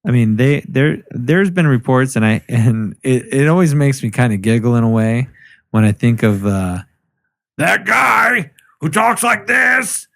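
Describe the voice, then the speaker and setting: A man's voice: mid-range voice, normal speed. A man co-hosting a podcast in casual chat, ranting with lots of swearing. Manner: profane, animated ranting. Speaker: podcast co-host.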